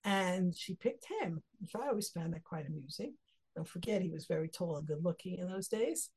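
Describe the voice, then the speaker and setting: Animated woman teaching a text class. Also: on the low side, moderate pace, slightly rough. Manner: reads Hebrew verses then explains, acts out quotes with rising emphasis. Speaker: Torah teacher.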